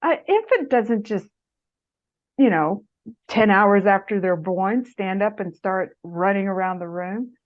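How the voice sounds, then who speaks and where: Woman guest, middle-aged, lively storyteller who acts out quotes, slightly dull lo-fi sound, average pitch. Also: a little slow. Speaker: author and guest speaker. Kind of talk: conversational interview advice. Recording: muffled lo-fi audio.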